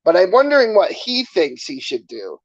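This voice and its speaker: A man's voice: sits high, huge pitch swings, moderate pace, dry recording, dull audio. A man streaming, ranting casually to his chat in a sarcastic, profane, rambling way. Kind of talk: casual livestream rant to chat.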